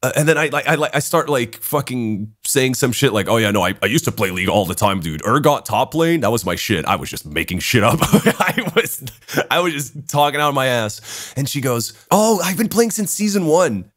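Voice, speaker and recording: A young man hosting a podcast, telling a story in casual chat, animated, swearing a lot and laughing as he talks. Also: mid-range voice, moderate pace, dry recording, studio quality. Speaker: podcast host.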